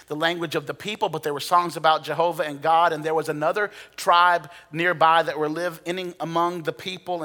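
Male preacher, somewhat high and bright voice, dramatic hushed-to-excited storytelling, reverberant sanctuary. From United States. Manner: dramatic storytelling, dropping to hushed tones and rising to excited bursts. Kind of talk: sermon storytelling. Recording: long hall reverb.

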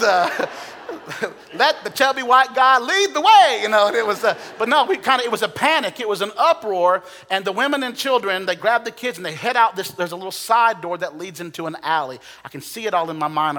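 Male preacher, somewhat high and bright voice, dramatic hushed-to-excited storytelling, reverberant sanctuary. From United States. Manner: dramatic storytelling, dropping to hushed tones and rising to excited bursts. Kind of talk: sermon storytelling. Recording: long hall reverb.

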